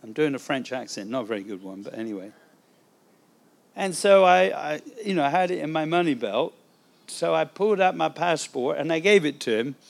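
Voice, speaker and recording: A man, an evangelist, telling a testimony story in a sermon, animated and acting out the dialogue. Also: fairly high pitch, brisk, vocal fry.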